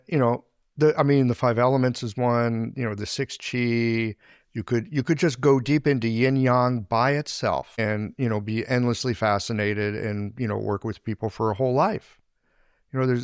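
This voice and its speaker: A man's voice: mid-range voice, no room sound. Dry-sounding man hosting a podcast. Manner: halting, many fillers and restarts, reflective. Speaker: podcast host. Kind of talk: conversational podcast interview.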